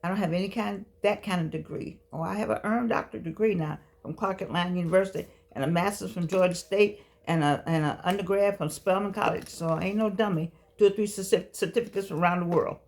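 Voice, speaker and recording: Sixties woman, slightly gravelly, talks straight to camera like a sermon among friends. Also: on the low side, quick pace, hardly any pauses, darkish tone. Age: 60s. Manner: chatty, preachy, folksy and emphatic. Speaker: vlogger speaking to seniors. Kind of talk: casual motivational talk to camera.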